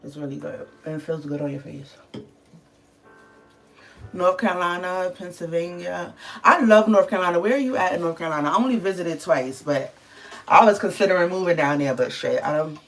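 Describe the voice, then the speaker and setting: A woman's voice: on the low side, a little fast. A woman from the Bronx, chatting casually on a livestream and answering viewers' comments, loose with fillers. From the Bronx, New York. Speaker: livestream host.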